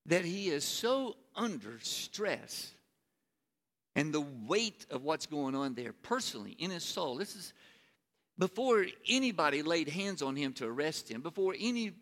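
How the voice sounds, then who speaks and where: A man's voice: a little high, fairly bright tone. A male pastor preaching a sermon in an earnest manner, asking the listeners rhetorical questions. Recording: long reverb of a large hall.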